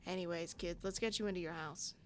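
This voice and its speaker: A woman voicing a weary, calm middle-aged male detective in a story game. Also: on the low side, fast talker, faint music behind, natural voice.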